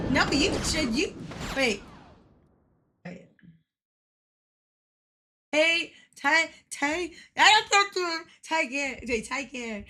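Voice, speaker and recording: High, bright-voiced playful woman streamer. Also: lively intonation, slow pace, long pauses, faint music behind. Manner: playful and giggly, swears casually. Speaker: livestreamer. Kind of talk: casual livestream commentary.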